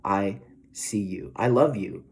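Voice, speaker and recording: A man's voice: on the low side, slow. A man in his twenties preaching a casual, conversational sermon as a pastor, with self-deprecating asides and frequent "right?" tags. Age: 20s.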